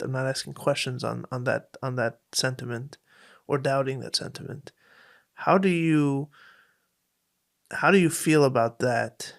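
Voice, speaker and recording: A man's voice: mid-range voice, vocal fry, fairly bright tone. A man hosting a podcast, pressing his guest with persistent follow-up questions. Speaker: podcast host. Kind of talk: interview questions.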